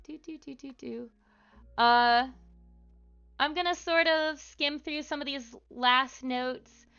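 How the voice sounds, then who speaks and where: A woman's voice: sits high, takes it slowly, a bit bright, highs cut off, faint music behind. A woman streamer talking casually to her live chat, with lots of fillers and asides. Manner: chatty, frequent fillers.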